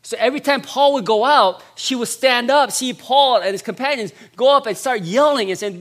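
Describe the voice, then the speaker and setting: A male pastor preaching a sermon, stressing points by repeating phrases and swinging between loud passages and hushed ones. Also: extremely high pitch, moderate pace, few pauses.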